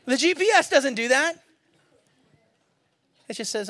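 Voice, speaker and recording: A man preaching a sermon in a conversational, animated way, swinging from hushed near-whispers to loud emphatic bursts and asking rhetorical questions. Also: very high-pitched, a little slow. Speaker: pastor.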